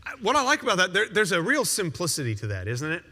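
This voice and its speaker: A male pastor preaching a sermon in a conversational, emphatic way, with quick rebuttals. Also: high-pitched, wildly swooping pitch, pushed and bright, long reverb tail.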